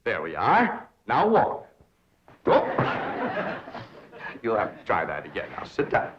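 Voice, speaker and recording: An actor playing a pompous young society suitor who poses as a drama tutor, speaking in a grandiose, theatrical way. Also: male voice, lowish voice, huge pitch swings, slow pace, exaggerated voice. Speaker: self-styled drama tutor. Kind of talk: 1960s sitcom acting. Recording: muffled old TV soundtrack, light hiss.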